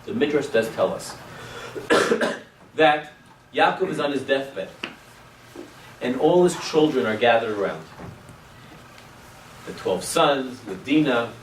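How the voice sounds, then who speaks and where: A male rabbi teaching a class as animated storytelling. He swings between loud exclamations and hushed asides and drops in Hebrew and Yiddish words. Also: medium pitch, takes it slowly, long pauses. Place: synagogue classroom. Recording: echoey room, distant mic, faint noise.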